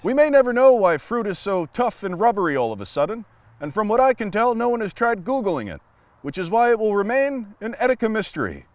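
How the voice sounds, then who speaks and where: A man hosting a comedy show, giving sarcastic, deadpan commentary on video clips. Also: high voice, brisk, no room sound. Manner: deadpan, mocking. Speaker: comedy host.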